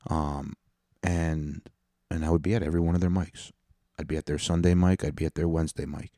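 A man's voice: rumbling low, little pitch movement, fairly quick, mellow, dry recording, studio quality. A man talking casually and profanely to his listeners, rambling and interrupting himself as he tells a story about comedy open mics. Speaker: stand-up comedian and podcast host. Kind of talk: casual solo rant.

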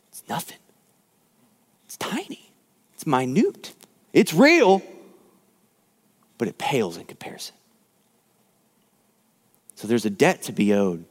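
A man preaching a sermon, telling a parable in an animated way and acting out the lines of its characters. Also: a little high. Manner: animated storytelling, acts out quoted lines. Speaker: pastor. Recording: long hall reverb.

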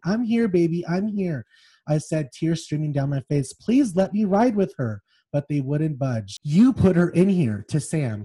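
Podcast co-host, male, mellow slightly husky voice, reads excerpts with feeling. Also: mid-range voice. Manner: reads excerpts aloud with feeling, then chats loosely. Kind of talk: casual chat with dramatic book reading.

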